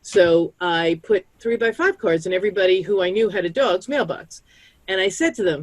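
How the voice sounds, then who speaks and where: A woman's voice: mid-range voice, lively intonation, moderate pace, dry recording. A woman on a community call, giving chatty advice on pet care and acting out the voices of people she quotes. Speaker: pet disaster-planning speaker.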